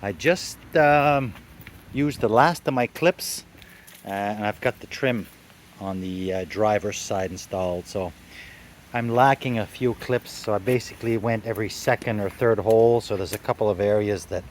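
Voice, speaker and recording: A man's voice: lowish voice, normal speed, slight background noise. Easygoing man rambling in his garage. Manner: easygoing, rambling, many fillers, dry sarcasm. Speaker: classic car restorer. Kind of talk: casual workshop vlog narration. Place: garage workshop.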